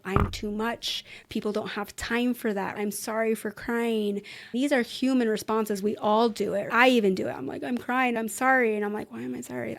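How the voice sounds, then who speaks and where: A woman therapist in a podcast conversation, speaking calmly and reflectively and gently coaching with repeated questions. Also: mid-range voice, creaky. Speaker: therapist guest.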